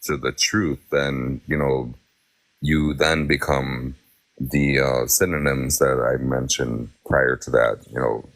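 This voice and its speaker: Very deep-voiced man, casual chat. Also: flat delivery, slow pace, fairly bright tone, no room sound. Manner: rambling, thoughtful, many fillers.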